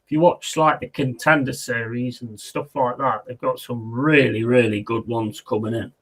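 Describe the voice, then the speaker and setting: Speaking at a moderate pace, a man with a slightly rough, mid-range voice and steady tone hosts a football watch-along. He reads viewer chat aloud and answers it in a chatty, laddish way, mixing in casual match commentary.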